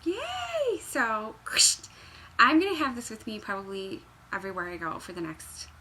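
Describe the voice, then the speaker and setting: A woman's voice: medium pitch, sing-song, moderate pace, bright, forceful tone, slightly rough. A young woman chatting through a knitting tutorial at home, bubbly and rambling, with sudden squeals, jokes and whispered asides. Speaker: knitting pattern designer. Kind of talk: chatty craft tutorial vlog. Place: home room by a fireplace.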